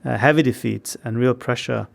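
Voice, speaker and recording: Man, gravelly voice, measured football analysis, middle pitch. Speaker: football pundit. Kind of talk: casual chat.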